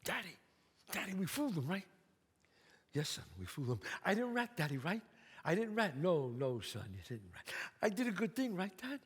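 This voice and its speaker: A man's voice: high voice, sing-song, moderate pace, slightly rough, big-room sound, pitched below the performer's own voice, heavily acted. A man from New voicing a frightened young boy who pleads in a breathless child's voice, recorded on stage. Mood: anxious.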